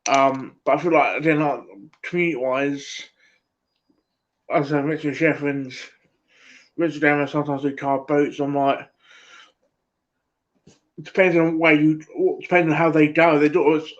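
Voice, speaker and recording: A man's voice: on the high side, fairly even intonation. Rambling Essex man on a lo-fi stream. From England. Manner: rambling, halting, full of fillers and "mate". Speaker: livestream host. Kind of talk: casual live-stream chat.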